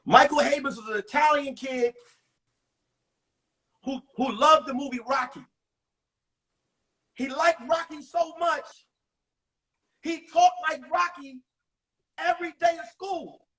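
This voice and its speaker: A male comedian telling animated stories from high school in a one-man show on a livestream. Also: slow pace, pauses often. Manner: animated, acts out voices. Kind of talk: stand-up storytelling. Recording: distant mic on a phone livestream.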